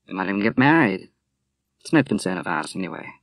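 An easygoing young naval officer, offhand and relaxed, his voice a touch low, as a male narrator reads him. The reading is dry and close to the mic. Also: fast talker, gravelly, no echo, heavily acted.

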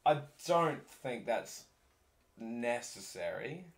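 A man co-hosting a casual chat podcast, animated and jokey, giving advice and repeating himself. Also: mid-range voice, takes it slowly, creaky. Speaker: podcast co-host.

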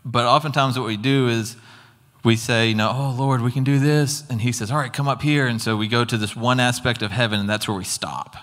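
A man's voice: medium pitch, fairly even intonation, brisk, a bit bright. A man giving an earnest, conversational sermon testimony with casual asides. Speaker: preacher. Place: church hall. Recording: long hall reverb.

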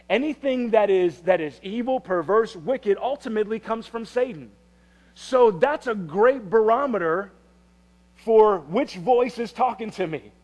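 A man preaching a sermon in a conversational way, often repeating phrases and restarting, and dropping to a hush for quiet passages. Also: high-pitched, dull audio. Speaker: pastor.

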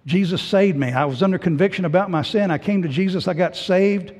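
A middle-aged male pastor giving an emotional personal testimony in a sermon, swinging between loud and hushed. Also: high voice, brisk, hardly any pauses. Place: church sanctuary. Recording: long hall reverb.

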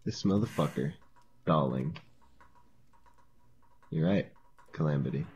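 A man's voice: very deep voice, wildly swooping pitch, takes it slowly, vocal fry, darkish tone, a little hiss or hum. A man joking along in a laid-back way as co-player on a horror game stream. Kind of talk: let's play commentary.

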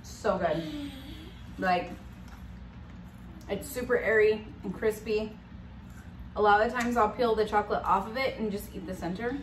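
A woman's voice: medium pitch, a little slow, long pauses. A woman hosting a casual family snack-tasting video, cheerfully leading the kids. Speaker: host. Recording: echoey room, camera from a distance, faint noise.

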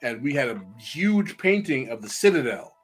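A man with a mid-range voice, a podcast guest who explains things steadily and methodically. His tone is measured and lecturing, and he is heard over a video call. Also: medium pitch, big pitch swings, husky, faint music behind, low-quality recording. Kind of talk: explanatory discussion.

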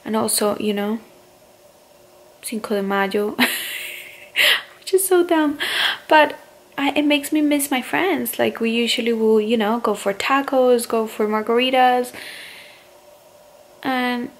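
A young woman, a stay-at-home mom vlogging, speaking haltingly and on the verge of tears in an emotional confessional. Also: a little high, a little hiss or hum, low-quality recording. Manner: tearful, halting, many fillers.

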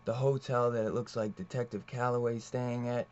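A man talks through a comic book issue in a loose, rambling rant, cursing freely and breaking into laughs. His voice sits at an ordinary male pitch. The recording is dull and lo-fi. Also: fairly even intonation, moderate pace, a little mellow. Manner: loose, profane, laughs often. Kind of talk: casual rambling comic review.

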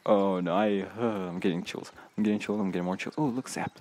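Low-pitched, gravelly and a little mellow, the young man's voice moves at a quick pace as he comments on his own gameplay. The streamer is nervous and jumpy in this let's play, talking to himself with many gasps and laughs.

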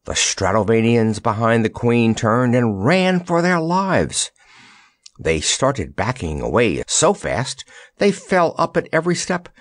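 A man reading a children's storybook aloud with lively, expressive narration on a close mic. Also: fairly low pitch, dry recording. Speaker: audiobook narrator.

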